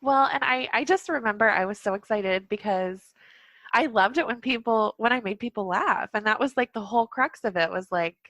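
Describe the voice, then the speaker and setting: A woman chatting as a podcast guest, telling a personal story in a lively way and laughing often between words. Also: on the high side, fairly quick, dry recording.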